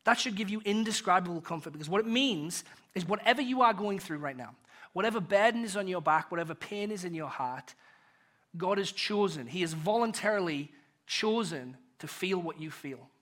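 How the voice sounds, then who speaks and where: High, bright British pastor preaching. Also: male voice, lively intonation, moderate pace. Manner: rhetorical questions, builds and drops in volume. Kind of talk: sermon.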